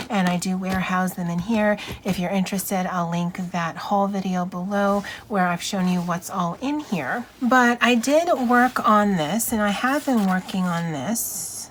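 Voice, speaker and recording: Soft-spoken woman chatting as she colors. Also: medium pitch, slight background noise. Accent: Hawaiian. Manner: soft, slow and halting, stumbling over words while working. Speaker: YouTuber. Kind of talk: casual chatty vlog while coloring.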